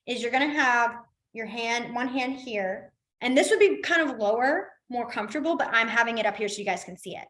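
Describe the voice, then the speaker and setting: A chatty woman teaching a beginners' class, her voice sitting a little high. She laughs easily and drifts into soft, quiet stretches while she demonstrates. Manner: chatty, laughs often, talks through demonstrations with long quiet pauses. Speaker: sign language teacher. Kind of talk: casual class instruction. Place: library classroom.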